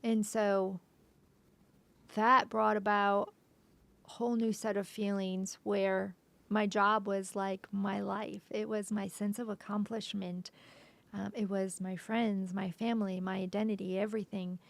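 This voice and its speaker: A woman being interviewed as a podcast guest, retelling a painful personal story haltingly, with restarts and frequent drops to a soft whisper. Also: medium pitch, little pitch movement, gravelly.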